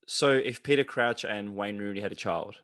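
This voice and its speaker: A man's voice: on the low side, moderate pace, dry recording. A man with an Australian accent hosting a casual podcast chat, telling stories with lots of swearing. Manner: animated storytelling with lots of swearing. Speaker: podcast host.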